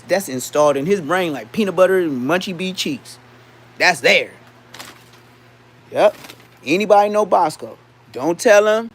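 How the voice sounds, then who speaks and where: A man on a casual rant to his online audience, his voice pitched a bit high and swinging up and down with lively energy. He repeats himself and talks in loose street slang.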